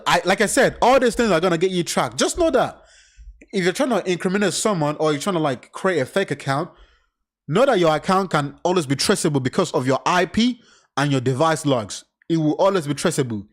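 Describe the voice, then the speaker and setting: Brisk and somewhat high-voiced, a man reads from a crime case and then cuts in with blunt, swear-heavy reactions. His commentary stays casual, animated and unscripted, full of side remarks.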